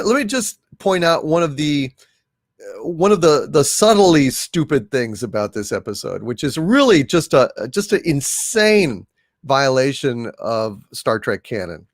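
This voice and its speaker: A man's voice: a little high, big pitch swings, a little slow, no room sound, clean studio sound. A man co-hosting a live pop culture show, ranting emphatically and restarting his sentences. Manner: indignant, emphatic, restarts often. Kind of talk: casual live-stream commentary.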